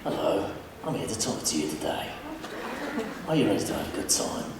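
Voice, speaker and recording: A man voicing a gruff British man with a put-on accent, low and rough, in an echoey hall. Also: big pitch swings, fairly quick, distant mic, very noisy.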